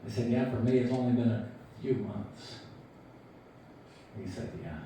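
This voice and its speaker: A man in his sixties delivers a eulogy at a memorial, slowly and in a mellow voice. He tells anecdotes about a friend in an easygoing way, quoting him with light chuckles. He is recorded from far off in a very echoey hall, with faint room noise behind him. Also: medium pitch. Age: 60s. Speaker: eulogy speaker.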